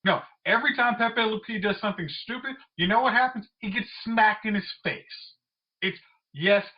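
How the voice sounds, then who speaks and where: A man co-hosting a casual podcast chat, telling stories in an animated way and mimicking the people he talks about. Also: sits high, moderate pace. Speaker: podcast co-host. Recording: dull lo-fi sound.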